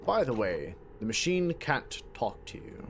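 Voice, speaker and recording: A man's voice: mid-range voice, sing-song, measured pace, a bit bright, slight background noise. A man doing a sly British-accented fish. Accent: put-on British.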